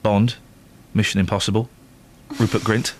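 A man presenting breakfast radio, mocking the stories in a lively, sarcastic way. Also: normal speed, a little hiss or hum. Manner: mocking, animated, swings between deadpan and high exclamations. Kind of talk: breakfast radio chat and news.

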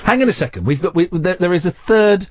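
A man's voice: sits high, animated, quick pace, a little mellow, dry recording. A man hosting a late-night radio show, joking and rambling with his co-hosts. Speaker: radio host.

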